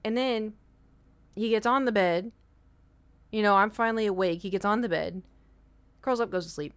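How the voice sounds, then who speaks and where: A woman streamer chats casually with her viewers, spinning a rambling story with swearing and the occasional whispered aside. Her voice is medium-pitched, clear and resonant, at a moderate pace.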